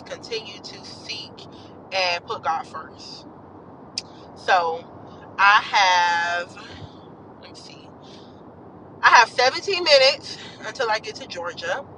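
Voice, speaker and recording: Bright-voiced woman preaching from a car. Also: medium pitch, a little hiss or hum, rough recording. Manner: earnest, encouraging, rambling. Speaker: faith vlogger. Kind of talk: casual devotional talk to viewers. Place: in a moving car.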